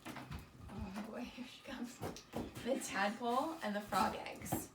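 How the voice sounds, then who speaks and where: A woman teaching young children, her voice fairly high and upbeat as she encourages them and calls them friends. She sounds set back from the microphone in an echoey room. A steady background noise runs under her voice. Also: slow pace. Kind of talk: teaching a small-group lesson. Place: indoor room with children nearby. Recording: roomy, distant, noisy.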